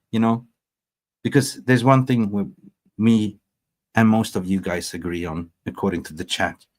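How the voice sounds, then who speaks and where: On his football fan channel's livestream, a man rambles in casual chat, his delivery swinging animatedly as he cracks himself up. His pitch is medium.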